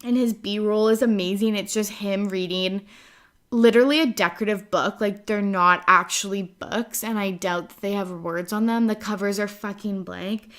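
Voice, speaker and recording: A woman's voice: mid-range voice, fairly even intonation, normal speed. A young woman from Canada hosting her own podcast, chatting casually with lots of filler words and casual swearing. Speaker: podcast host. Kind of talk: casual solo podcast chat.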